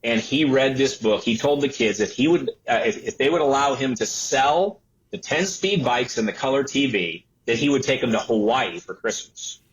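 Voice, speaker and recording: A man in his sixties recounts his early career as an interview guest, at a middle pitch. He tells the story with animated energy and slips into the voices of the people he quotes. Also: moderate pace, lo-fi sound. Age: 60s. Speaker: entrepreneur and author guest.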